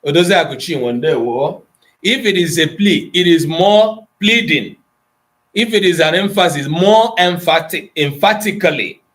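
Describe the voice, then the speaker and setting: A man teaching an Igbo grammar lesson to an online class, addressing students by name and moving between English, Igbo and Pidgin. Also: a little high. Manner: slow and deliberate, with pauses and repetitions.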